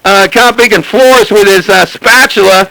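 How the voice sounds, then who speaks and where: A man jokes and brags over CB radio and keeps calling out to get the other side's attention. His voice sits high and gravelly, with a bright, sharp edge. The sound is dry and close. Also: moderate pace, no echo, rough recording. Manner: joking, boastful, repeats "hey, hey, hey". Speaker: CB radio operator. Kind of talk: CB radio banter.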